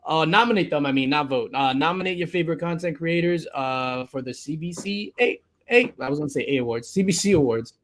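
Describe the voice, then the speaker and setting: A man's voice: a little high, fairly quick, few pauses. A man hosting a casual live-stream podcast chat, loose and joking, swearing freely. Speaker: podcast host.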